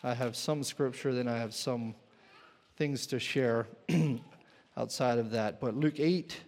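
A man's voice: medium pitch, slow, darkish tone. Earnest preacher man in an echoing hall. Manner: earnest, repeats words and restarts, clears throat. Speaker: pastor. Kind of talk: sermon.

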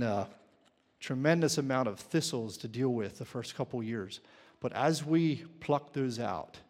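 A man preaching a sermon as pastor, earnest and repeating words as he searches for them, sometimes clearing his throat. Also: medium pitch, darkish tone, in a large hall.

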